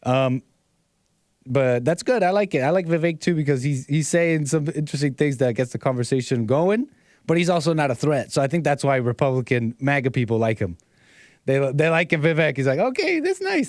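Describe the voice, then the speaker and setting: A man's voice: a little high, darkish tone, dry recording, studio quality. A man hosting a call-in livestream show, talking casually in a rambling way, repeating phrases and chuckling often. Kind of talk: casual talk-show commentary.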